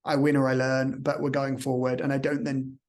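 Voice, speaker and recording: A man's voice: medium pitch, completely flat delivery, brisk, a little mellow. A man hosting a casual interview, encouraging and enthusiastic with his guest. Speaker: podcast host.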